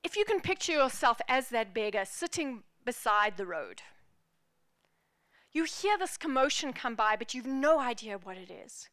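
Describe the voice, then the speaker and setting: A woman pastor preaching a sermon in an animated, playful, emphatic way. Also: on the high side, moderate pace, dry recording, clean studio sound.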